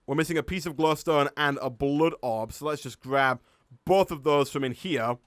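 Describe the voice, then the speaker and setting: A man's voice: fairly high pitch, normal speed, dry recording, clean studio sound. A man with a Yorkshire accent giving chatty live-stream gameplay commentary, thinking aloud and laughing often. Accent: Yorkshire English. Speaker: gaming streamer.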